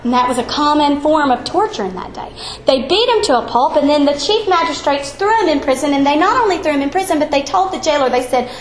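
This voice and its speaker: A woman teaching a women's Bible study, telling the story with animated flair and then leading a prayer in a church room. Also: high-pitched, quick pace. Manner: animated storytelling, acts out quoted voices. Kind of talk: Bible lesson and closing prayer. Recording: echoey room with faint background noise.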